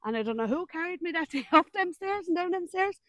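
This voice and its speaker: A woman's voice: extremely high pitch, expressive, brisk, no echo. A woman in her thirties with an Irish accent, a guest animatedly telling a personal story in a casual, colloquial way.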